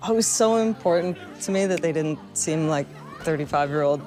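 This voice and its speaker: Low-voiced woman, enthusiastic explainer. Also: a little fast, music in the background. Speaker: series creator and actor. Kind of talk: casual reaction chat.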